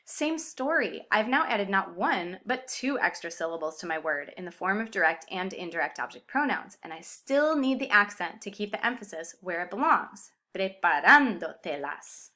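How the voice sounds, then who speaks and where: A woman's voice: medium pitch, expressive, normal speed, hardly any pauses, sharp tone. A woman explaining Spanish grammar in a playful video lesson. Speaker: Spanish teacher.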